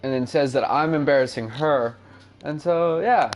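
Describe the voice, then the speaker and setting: A man's voice: on the high side, moderate pace, faint music behind. A young man hosting a gaming channel, telling a loose, rambling story with fillers and mumbled asides. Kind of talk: casual storytelling over gameplay.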